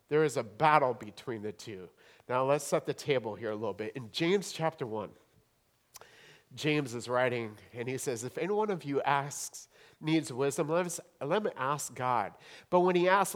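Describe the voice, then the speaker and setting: A male pastor delivers a sermon with a somewhat high voice. He drops into quiet, almost hushed stretches, then climbs into emphatic, louder declarations. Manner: dynamic preaching, swinging between hushed and rising emphatic.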